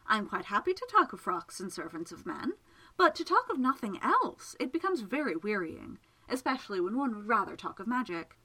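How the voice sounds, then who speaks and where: Casting note: woman reading an amused, self-assured enchantress, teasing and playful, with a lively pitch. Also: fairly quick, husky, full character voice. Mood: wry. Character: playful, confident female enchantress magician. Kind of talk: audiobook character reading.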